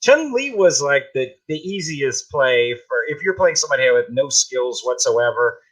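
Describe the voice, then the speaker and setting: Bright, lively man chatting. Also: mid-range voice, normal speed, low-quality recording. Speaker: podcast co-host. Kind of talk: casual podcast chat.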